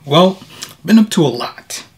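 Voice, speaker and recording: A man's voice: high voice, expressive, measured pace, a little mellow, a little hiss or hum. A young man talking casually to his viewers in a playful, chatty vlog style. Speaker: vlogger. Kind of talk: casual vlog talk to camera.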